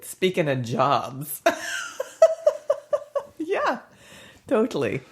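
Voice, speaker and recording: A woman's voice: low-pitched, huge pitch swings, very slow, slight background noise. A woman hosting a podcast in a studio, a counselor who chats frankly and laughs often. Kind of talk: casual podcast chat.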